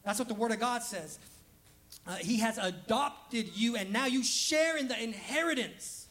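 High-voiced male pastor preaching conversationally. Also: lively intonation, unhurried, fairly bright tone. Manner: conversational preaching that acts out short quoted voices; repeats words for emphasis. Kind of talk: sermon. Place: church service streamed live.

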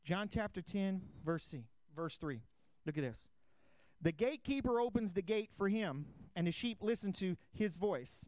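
High-voiced man preaching a sermon. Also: expressive, moderate pace, darkish tone, no room sound. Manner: preaching with scripture reading and direct questions to listeners. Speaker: pastor.

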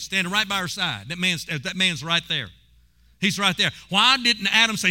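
Bright, forceful preaching man. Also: high-pitched, animated, fairly quick. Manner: preaching with call-and-response, rising to shouts. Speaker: pastor. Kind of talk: sermon.

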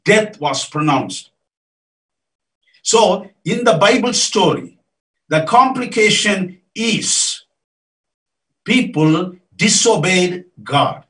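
A man preaching a sermon, emphatic and repetitive, his voice rising to near shouts on key points. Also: high-pitched, lively intonation, drawn-out words, pauses often. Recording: voice from a distance off mic.

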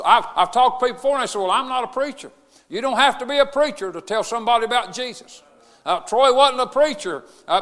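A middle-aged man, preaching a funeral sermon in a folksy way that swings from loud to quiet. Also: extremely high pitch, big-room sound. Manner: folksy, repeats "I'm telling you what", swings from loud to quiet. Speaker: pastor.

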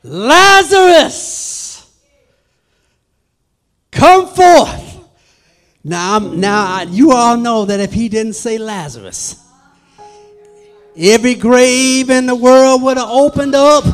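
A man preaching a sermon at a church service, swinging from hushed to loud, emphatic calls. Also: extremely high pitch, unhurried, smooth, faint music behind.

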